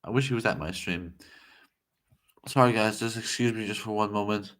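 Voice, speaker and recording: Speaking at a normal speed in a fairly low voice, an American man rambles excitably while casually talking to his live stream viewers.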